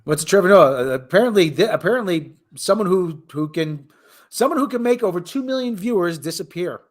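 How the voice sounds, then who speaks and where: A man's voice: high voice, animated, fairly quick. A man hosting a podcast, giving sardonic, rambling commentary with frequent restarts. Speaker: podcast host. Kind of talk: casual commentary chat.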